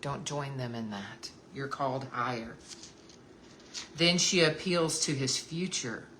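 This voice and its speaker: A woman's voice: very deep voice, takes it slowly, fairly bright tone, slight background noise. A woman giving earnest, emphatic devotional Bible teaching to other women, repeating key points and calling them sisters. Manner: addresses listeners as sisters.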